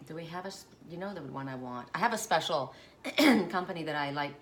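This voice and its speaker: A woman's voice: deep voice, a little fast, fairly bright tone, soft background music. A woman giving a spiritual oracle card reading, musing aloud with coughs and asides, choked up at times.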